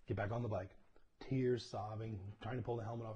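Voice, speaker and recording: Low, mellow-voiced pastor on a livestream. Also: male voice, level tone, a little fast. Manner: conversational, often checks in with "okay?" and "right?"; tells personal stories with self-deprecating laughs. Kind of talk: casual livestreamed sermon. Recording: dull lo-fi livestream audio with faint noise.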